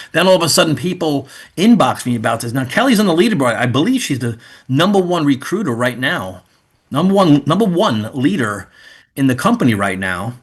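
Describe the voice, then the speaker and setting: A man's voice: on the high side, husky. A man in his fifties with a New York accent, hosting a webinar in casual, rambling chat. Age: 50s. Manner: animated, rambling, folksy. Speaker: webinar host.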